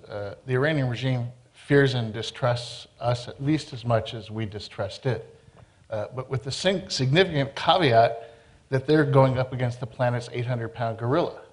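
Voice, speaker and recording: A man's voice: medium pitch, normal speed. A man speaking as a panelist, explaining in a lecturing way and checking in with "right?" as he goes. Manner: explanatory, lecturing tone with tag questions. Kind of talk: panel discussion.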